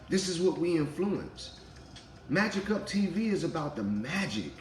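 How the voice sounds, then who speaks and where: A man, in his thirties, giving an animated spiritual monologue about parenting and laughing as he acts out voices. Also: a little high, echoey room, low-quality recording. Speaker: spiritual vlogger, father.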